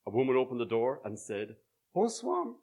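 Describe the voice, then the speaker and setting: A man's voice: mid-range voice, unhurried. A middle-aged man telling a true personal story live on stage to an audience, with dry, wry humour. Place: small live venue with audience.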